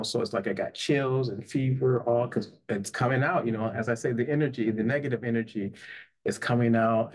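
A man, a psychotherapist and life coach, telling an emotional personal story in earnest, often checking in with "right?" and "you know". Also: medium pitch. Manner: earnest, tag questions, frequent "you know".

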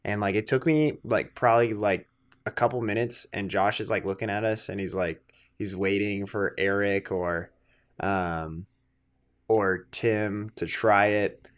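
Male podcast co-host, lower voice, casual and rambling. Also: measured pace, smooth. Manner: relaxed, rambling, full of "like" and "um". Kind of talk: casual chat.

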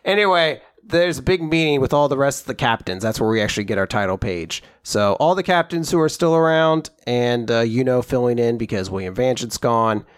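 A man co-hosting a podcast, recapping manga chapters in casual chat, joking and sarcastic, acting out characters in quick voices. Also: medium pitch, animated, smooth, no room sound, studio quality. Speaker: podcast co-host.

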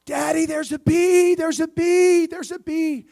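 A man's voice: very high voice, level tone, a little slow, vocal fry, dark tone, voice pushed up, heavily acted. A man voicing a panicked little girl screaming about a bee in the car.

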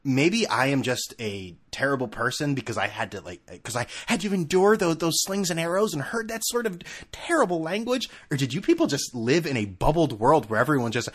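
A man in his thirties hosts a solo podcast from home and rants with profane sarcasm. His voice is husky, and his pitch swings widely as he gets heated and stumbles over restarts. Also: lively intonation, fairly quick, hardly any pauses. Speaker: podcast host. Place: room at home.

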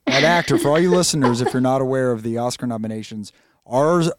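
A man's voice: medium pitch, dry recording. Joking co-host, man, mid voice, dry close sound. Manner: joking, quick asides. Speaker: podcast co-host. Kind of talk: casual podcast chat.

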